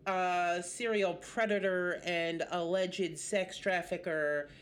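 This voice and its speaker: A woman's voice: on the low side, fairly even intonation, slow, clear, resonant tone. A woman co-hosting a podcast, telling a news story in casual chat with blunt asides. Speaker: podcast co-host.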